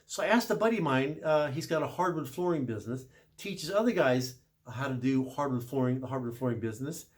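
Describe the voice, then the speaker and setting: A man's voice: mid-range voice, animated, brisk. A middle-aged man and car shop service manager telling a story in a casual, chatty way, correcting himself and laughing a little as he goes.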